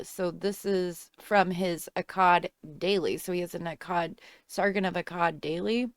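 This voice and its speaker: A woman's voice: medium pitch, clear, resonant tone, no echo, studio quality. A woman hosting political commentary, talking casually and repeating herself as she rambles.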